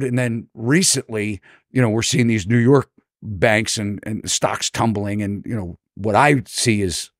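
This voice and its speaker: A man's voice: mid-range voice, no room sound, studio quality. Rambling American man asking questions. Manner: rambling, hedging with many fillers. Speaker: podcast host, real estate broker. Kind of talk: interview questions.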